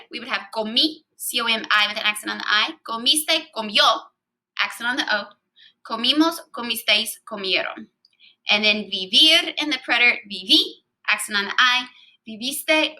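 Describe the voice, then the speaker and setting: A woman's voice: on the high side, moderate pace, pushed and bright, poor audio. A woman teaching a recorded Spanish grammar lesson, explaining patiently and spelling out letters.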